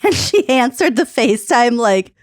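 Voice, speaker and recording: A giggly woman co-host with a slightly high voice, telling stories in casual podcast chat. The recording is dry and close. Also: sing-song, normal speed, no echo. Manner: giggly, storytelling.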